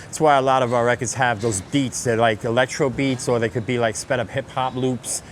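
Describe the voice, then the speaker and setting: A man in his fifties with a Brooklyn accent, a DJ telling rambling, animated stories in casual talk outdoors on a city street. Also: mid-range voice, fairly quick, a little hiss or hum. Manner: rambling, animated storytelling with many fillers. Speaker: DJ guest. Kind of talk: casual interview on a walk.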